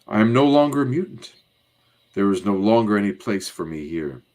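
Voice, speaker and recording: A man voicing a proud adult mutant woman who has lost her powers, read aloud with solemn dignity in a low, lively voice. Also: moderate pace.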